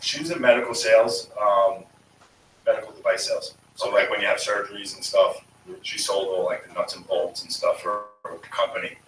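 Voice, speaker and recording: A man's voice: on the low side, steady tone, brisk, a bit bright, distant mic. A man in his thirties, a former sanitation worker, telling stories in a casual, blunt and profane way. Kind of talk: casual storytelling. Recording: echoey room, voice off-mic, faint room noise.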